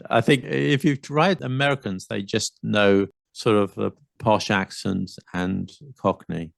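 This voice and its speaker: A man's voice: fairly low pitch, steady tone, unhurried, gravelly, no room sound. A man, explaining things in a casual, opinionated and digressive podcast chat. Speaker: podcast guest co-host.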